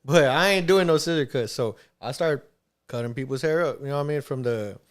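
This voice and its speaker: A man telling a story on a podcast in a relaxed, slang-heavy way, swearing a lot and laughing often. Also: medium pitch, fairly quick. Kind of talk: casual storytelling.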